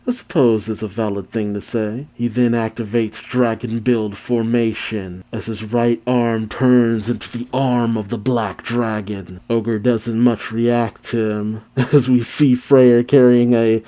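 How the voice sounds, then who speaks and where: A man hosts a manga reaction, reading the story aloud and cutting in with animated, amused comments. His voice is mellow and dark rather than bright. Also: medium pitch, measured pace, hardly any pauses.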